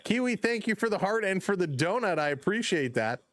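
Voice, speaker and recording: Excited man calling a live game. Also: brisk, no echo. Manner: chatty, greets chat viewers by name between pitches; gets loud and excited on big plays. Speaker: live stream play-by-play host. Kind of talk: casual live play-by-play commentary.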